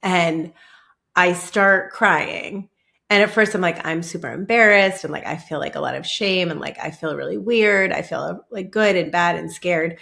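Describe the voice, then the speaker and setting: A woman podcast host telling a personal story in casual chat, halting and restarting, with "like" in nearly every phrase. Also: on the low side, vocal fry, fairly bright tone. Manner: halting, heavy use of "like", many restarts.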